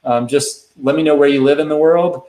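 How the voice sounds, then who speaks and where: A man hosting a live question-and-answer stream, talking in a relaxed, rambling way with lots of ums. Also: a little high, fairly quick, echoey room, poor audio. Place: indoors at a computer.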